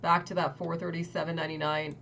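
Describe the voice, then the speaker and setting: A young woman hosting a trading livestream, talking casually and quickly to her chat with lots of "like" and exasperated asides. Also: sits low, flat delivery, creaky, fairly bright tone, a little hiss or hum. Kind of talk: casual market commentary to chat.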